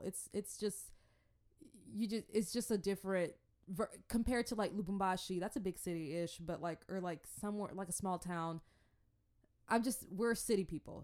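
A young woman from the Congo telling stories in a casual, playful way. She is animated and often slips into acted-out voices. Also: on the low side. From Democratic Republic of the Congo. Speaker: vlogger. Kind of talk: casual storytelling commentary.

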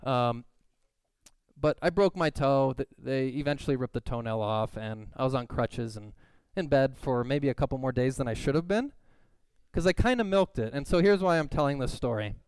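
A man delivers a sermon in a clear, resonant voice at an ordinary pitch. He tells stories with energy and acts out the people in them. The sound is close and dry. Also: normal speed, dry recording. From California. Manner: animated storytelling, acts out quoted voices. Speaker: pastor. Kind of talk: sermon with personal story.

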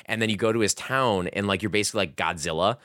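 A man's voice: fairly low pitch, fast, a bit bright, no echo, clean studio sound. A man hosting a casual video game chat, rambling and full of filler words. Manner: rambling, heavy use of "like" and "um". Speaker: podcast host reviewing a video game.

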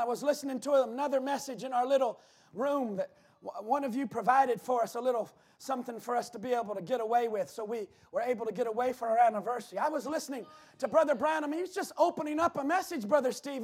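A pastor preaching a sermon in church, building to shouted emphasis and dropping into quick asides to the congregation. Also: male voice, extremely high pitch, husky.

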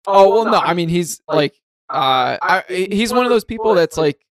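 A man's voice: sits high, animated, normal speed, dry recording, clean studio sound. A young man co-hosting a podcast in casual chat, wry and laid-back, laughing often. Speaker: podcast co-host.

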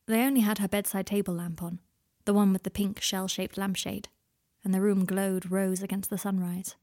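A woman narrating her own story in a soft, hushed, unhurried way. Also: medium pitch, little pitch movement. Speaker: author and reader.

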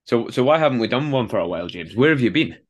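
A man's voice: mid-range voice, expressive, lo-fi sound. A young man co-hosting a podcast, chatting casually and teasing his co-host with dry jokes. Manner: quick, teasing banter with laughs. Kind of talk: casual chat.

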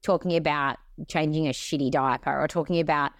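A woman's voice: sits low, brisk, no echo, clean studio sound. A young Australian woman co-hosting a podcast in casual chat, telling stories with casual swearing. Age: young adult. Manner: lively storyteller, swears casually. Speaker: podcast co-host.

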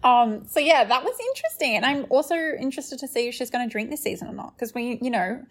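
A woman's voice: a little high, fast, a bit bright. A woman co-hosting a podcast, chatting casually through a recap and quoting people in mock voices. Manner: chatty, quotes cast members in mock voices. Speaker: podcast co-host.

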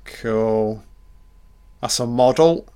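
A man's voice: medium pitch, drawn-out words, mellow, clear, resonant tone. A man giving casual film commentary in short, admiring remarks, swearing often.

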